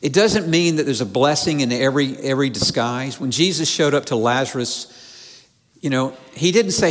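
A man's voice: mid-range voice, lively intonation, moderate pace. Earnest male preacher in a reverberant hall. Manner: earnest preaching with repeated phrases and restarts. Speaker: pastor. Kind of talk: sermon. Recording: long reverb of a large hall.

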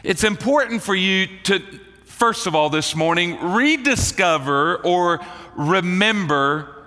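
A male pastor preaches a sermon in a bright, forceful voice pitched a little high. He leans into key words and slows his phrasing for drama. His voice rings out with the long reverb of a large hall. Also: lively intonation. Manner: preaching with rising emphasis and slowed dramatic phrasing.

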